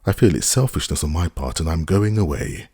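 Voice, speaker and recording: A man's voice: deep voice, expressive, fairly quick, mellow, slightly rough, no echo, clean studio sound. Man voicing an ironic society princess. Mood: affable.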